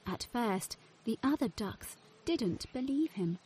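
A woman narrating a children's storybook in a slow, clear reading voice. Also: fairly high pitch, expressive, a little mellow, a little hiss or hum.

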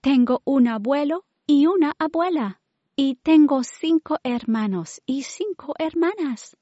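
A woman voicing a big, clumsy young female whale who speaks in a high, weepy voice. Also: lively intonation, moderate pace, mellow, no echo, muffled recording. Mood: tearful.

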